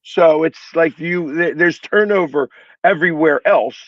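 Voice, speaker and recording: A man's voice: a little high, a little slow, dry recording, highs cut off. A man with a Philadelphia accent hosting a casual sports talk show, rambling with many restarts and fillers.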